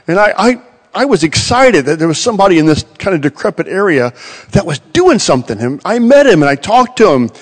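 Middle-aged male preacher, lively sermon storytelling, slightly high voice, reverberant hall sound. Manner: animated, storytelling with acted quotes.

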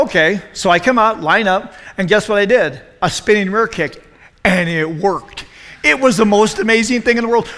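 A youth pastor in his forties telling an animated story in a youth sermon, acting out quotes with self-deprecating humor. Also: high-pitched. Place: church youth room. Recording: long hall reverb.

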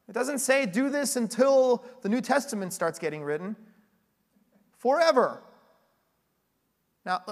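A man preaching a conversational sermon, earnest and explanatory, asking rhetorical questions and going hoarse as he loses his voice. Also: sits high, a bit bright. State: losing his voice. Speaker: pastoral candidate preaching. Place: church sanctuary. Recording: long reverb of a large hall.

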